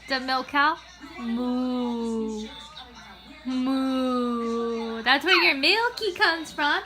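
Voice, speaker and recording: A woman's voice: sits high, sharp tone. A young woman vlogging at home, talking in a sing-song baby voice to her toddler and now and then to viewers. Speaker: vlogger and mother. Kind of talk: casual home vlog talk. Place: at home indoors. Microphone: phone camera.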